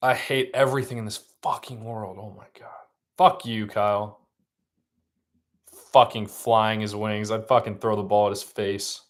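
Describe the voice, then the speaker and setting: A man giving casual live reactions while watching a basketball game, emotional and profane, swinging from quiet muttering to loud outbursts. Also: fairly low pitch, little pitch movement, normal speed. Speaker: livestream sports watcher.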